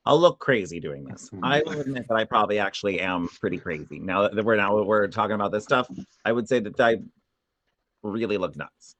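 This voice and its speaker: Low-voiced joking tabletop player. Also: male voice, expressive, fairly quick, fairly bright tone. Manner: chatty, self-mocking, in-character musing. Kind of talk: tabletop game chat.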